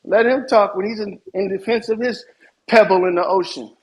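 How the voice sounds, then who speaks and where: Husky high-voiced taunting man. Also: normal speed. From United States. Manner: taunting, trash-talking. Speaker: host. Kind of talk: heated casual argument.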